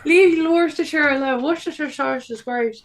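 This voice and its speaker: A woman's voice: high voice, brisk. A woman playing a tabletop game, chatting in a playful, jokey way. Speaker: player. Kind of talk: casual tabletop game play.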